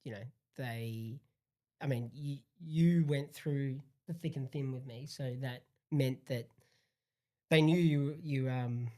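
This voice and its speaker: A young man chatting as a podcast guest, halting and pausing often with ums while he searches for words. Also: medium pitch, warm tone. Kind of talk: casual chat.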